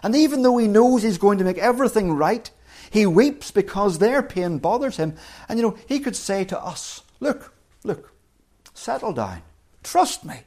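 A man preaching a sermon as pastor, earnest, dropping to hushed quotes and rising to emphatic peaks. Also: sits high, expressive, normal speed.

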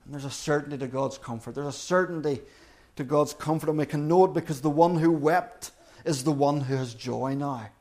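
A man preaching a sermon in an earnest, deliberate way, repeating key phrases for emphasis. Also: fairly high pitch, darkish tone. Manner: earnest, emphatic repetition with slow deliberate pauses.

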